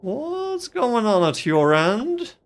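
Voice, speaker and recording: A man's voice: very high-pitched, huge pitch swings, slow pace. A man streaming a game and commenting casually, thinking aloud, repeating phrases and reading game text.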